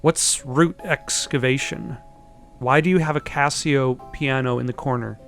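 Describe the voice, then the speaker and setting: A man's voice: mid-range voice, steady tone, unhurried, fairly bright tone. A persistent young woman investigator asks question after question, as a man voices her. The reading stays close to an everyday voice, over faint game music. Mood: pressing.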